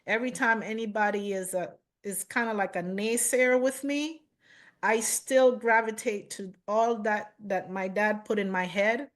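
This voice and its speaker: Woman guest, reflective storyteller, unhurried measured delivery, mid register. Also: medium pitch, steady tone. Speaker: chef and guest.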